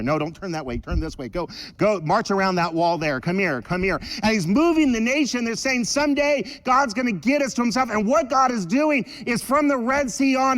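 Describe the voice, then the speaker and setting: A man preaching a sermon in church, animated and joking with the congregation. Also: sits high, long reverb tail. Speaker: pastor.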